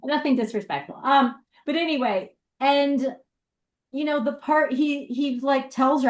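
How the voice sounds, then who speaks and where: A woman's voice: sits high, echoey room. A woman co-hosting a podcast, chatting casually about an old TV show and recounting a favorite episode. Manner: chatty, encouraging, quick to laugh along. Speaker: podcast co-host. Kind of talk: casual retro TV chat.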